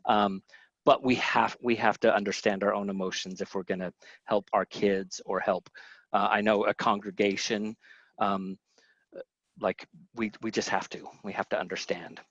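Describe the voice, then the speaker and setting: A man's voice: lowish voice, little pitch movement, moderate pace, a bit bright, no room sound. A middle-aged man with a Southern American accent, teaching a family health webinar in a casual, chatty way, often restarting sentences. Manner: chatty, self-interrupting storyteller who acts out quotes. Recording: dry, dull lo-fi webinar audio.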